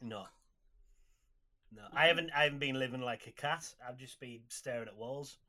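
A man's voice: mid-range voice, normal speed, pushed and bright. A man co-hosting a comedy podcast, rambling and self-deprecating in casual chat. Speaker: podcast co-host.

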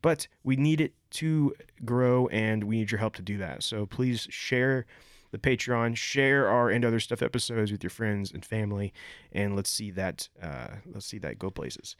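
A man's voice: on the low side, normal speed, dry recording, clean studio sound. A man hosting a casual podcast, talking in a loose, jokey way with plenty of fillers. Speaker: podcast host.

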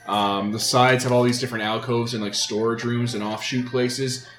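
In a flat, fairly bright medium-pitched voice at normal speed, a man runs a tabletop role-playing game, describing scenes with many fillers. The recording sounds roomy, with faint music.

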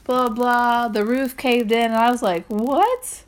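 A woman's voice: on the high side, level tone, moderate pace. A woman casually telling a story with her partner, chatty and quoting people. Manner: chatty, laughs often, quotes people.

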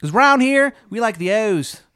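A man's voice: high-pitched, animated, sharp tone, clear, resonant tone, no echo, clean studio sound, voice pushed up, full character voice. A man voicing a chummy old witch woman with an exaggerated bad Maryland accent and a grating twang, drawing out words and calling everyone hun. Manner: drawn-out, overly friendly drawl. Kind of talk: improvised comedy bit.

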